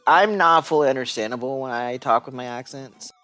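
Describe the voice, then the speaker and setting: A man's voice: medium pitch, fairly quick, pushed and bright, faint music behind. A man with a Texan accent co-commentating a game tournament, dropping dry joking asides.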